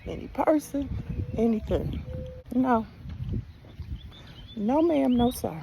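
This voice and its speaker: An older woman tells a story while walking outside, her voice gravelly and swinging widely in pitch. She talks slowly and chattily, with wind and outdoor noise clearly behind her. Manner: animated, chatty, Southern-style storytelling. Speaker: vlogger. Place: outdoors on a walk, rural road.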